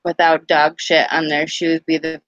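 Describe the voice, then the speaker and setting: A woman's voice: low voice, flat delivery, moderate pace, fairly bright tone, no room sound, lo-fi sound. A woman hosting a casual live stream chat, giggly and rambling, full of "like".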